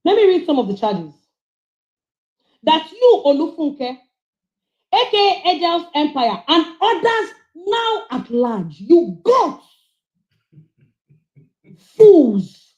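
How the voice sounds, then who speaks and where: A woman's voice: extremely high pitch, very animated, slow, long pauses, echoey room, muffled recording. A woman giving passionate, scolding commentary on a livestream as she reads out charges.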